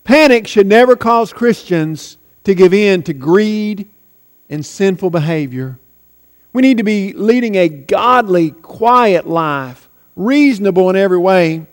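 Man, high voice, earnest sermon, rising and falling emphasis, church hall reverb. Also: lively intonation, a little slow. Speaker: preacher.

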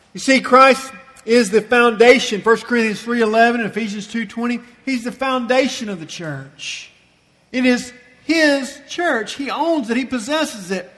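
A pastor preaching a sermon with emphatic, slowly stressed phrases and rhetorical questions. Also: male voice, extremely high pitch, a bit bright, long reverb tail.

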